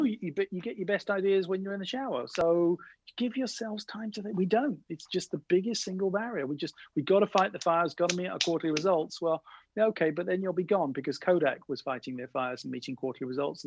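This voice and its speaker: A middle-aged man telling lively anecdotes in an interview, acting out the voices of the people he quotes. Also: fairly high pitch, husky, no echo, dull audio. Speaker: guest innovation speaker. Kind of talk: animated storytelling interview.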